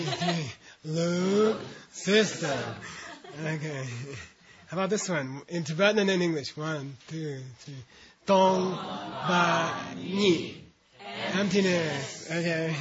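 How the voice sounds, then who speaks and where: A man's voice: a little high, normal speed, muffled recording, a crowd in the background. A man teaching a language class, reading out syllables, counting the students in and adding chatty asides.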